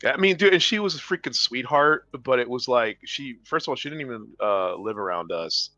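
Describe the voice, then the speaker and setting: A man's voice: mid-range voice, fairly quick, dry recording. A man hosting a gaming podcast, casually telling a rambling anecdote while a game plays. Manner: rambling, animated anecdotes with laughs and put-on quotes. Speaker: podcast host and game commentator. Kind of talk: casual chat and storytelling over gameplay. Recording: dull, dry lo-fi mic with game music.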